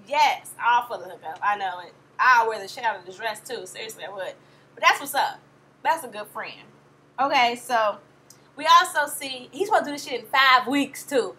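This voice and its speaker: Sassy high-voiced woman vlogger. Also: expressive, normal speed, sharp tone, slight background noise. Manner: sassy, blunt, slangy and profane. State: tired. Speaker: reality TV reviewer. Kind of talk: casual vlog commentary.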